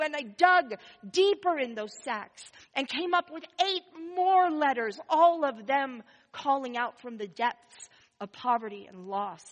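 A woman telling a first-person story, expressive and swinging between loud and hushed. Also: high voice, measured pace, long reverb tail, poor audio.

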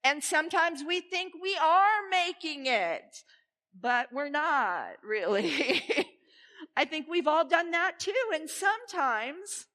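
A woman minister giving a sermon in a church, playful and animated as she leads the congregation. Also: high voice. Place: church sanctuary. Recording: reverberant church hall.

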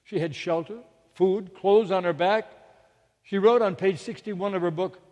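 Male minister, slow dramatic sermon storytelling, long hall reverb. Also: high voice, a little mellow. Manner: dramatic storytelling with sudden drops to near-whispers.

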